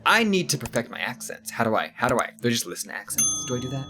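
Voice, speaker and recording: Playful woman, let's play commentary, very lively swinging pitch, game music underneath. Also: very fast, few pauses. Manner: playful, excitable, jokey. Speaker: gaming YouTuber.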